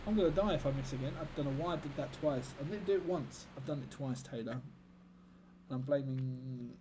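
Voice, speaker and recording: A man's voice: on the high side, fast, background noise. A man livestreaming a game, chatting casually and joking with his chat. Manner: chatty, jokey banter with chat. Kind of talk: casual gaming stream chat.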